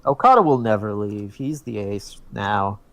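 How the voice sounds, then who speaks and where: A man co-hosting a wrestling podcast in casual chat, talking in an excitable, emphatic way and swearing freely. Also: on the low side, a little slow, vocal fry, a loud crowd. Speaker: podcast co-host.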